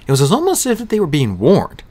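Male audiobook narrator; animated, lively reading of a novel. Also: on the high side, fairly quick.

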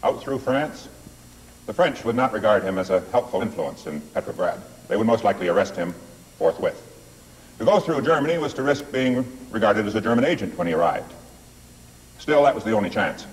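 An older man presenting a documentary in measured, scripted narration with dry, wry asides. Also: on the low side, lively intonation, husky, poor audio.

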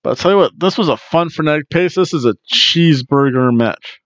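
A man's voice: a little high, a little fast, fairly bright tone, no echo, muffled recording. Jokey man rambling through a wrestling recap. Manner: jokey, breaks into chants and sing-song bits. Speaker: podcast host reviewing wrestling.

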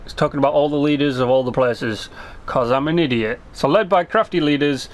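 A man's voice: mid-range voice, a little fast. A man hosting a let's play, chatting casually and rambling through his game commentary with self-mocking asides, sometimes reading game text aloud.

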